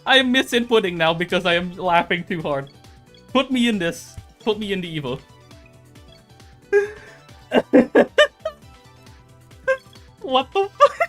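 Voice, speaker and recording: Giddy streamer laughing between racing remarks. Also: male voice, high-pitched, lively intonation, brisk, bright, forceful tone, soft background music. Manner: laughing fits, giddy, repeats phrases. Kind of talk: casual gameplay commentary.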